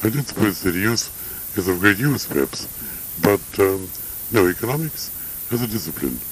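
An older man in a reflective interview, speaking in a measured, halting way with frequent pauses and fillers. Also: on the low side, sing-song, a little hiss or hum, poor audio. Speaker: interviewee, academic.

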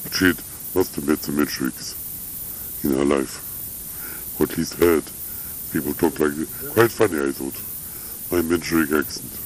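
Deep-voiced older man telling stories in an interview, wandering off into asides, slight hiss in the background. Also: moderate pace, long pauses, rough recording. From Russia. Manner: rambling, anecdotal, with frequent asides. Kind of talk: reminiscing conversation.

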